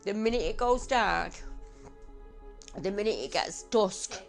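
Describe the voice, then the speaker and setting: A woman in her fifties giving emotional, halting testimony as an eyewitness, her voice choking up and tearful. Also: mid-range voice, expressive, gravelly, faint music behind. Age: 50s. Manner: halting, emotional, repeats herself. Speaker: eyewitness interviewee, researcher.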